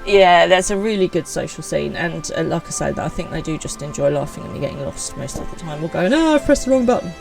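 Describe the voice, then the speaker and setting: A woman's voice: low voice, steady tone, a little fast, gravelly, few pauses, over music, poor audio. A woman streaming live, chatting casually and with self-deprecating humor as she reads out messages from viewers. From United Kingdom.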